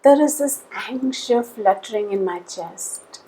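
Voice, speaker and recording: A woman leading a guided tapping session, calling out tapping points in a slow, measured way between spoken statements. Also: a little high, lively intonation, mellow, husky, rough recording.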